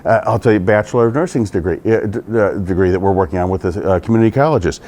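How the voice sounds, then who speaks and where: Low-voiced earnest man in interview. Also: quick pace, a little mellow. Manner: earnest, conversational. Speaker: state legislator. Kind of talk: interview answers.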